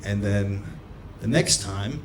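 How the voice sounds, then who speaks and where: A man performing a stand-up comedy set, telling a story and breaking into sudden shouts. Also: fairly low pitch, slow, slight background noise. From United States. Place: comedy club stage. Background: audience laughter.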